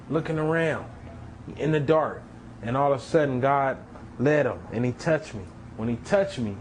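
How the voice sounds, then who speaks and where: A man's voice: mid-range voice, a little mellow, slight background noise, rough recording. A man earnestly telling his personal testimony, repeating phrases and acting out the voices of the people in his story. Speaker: testimony speaker.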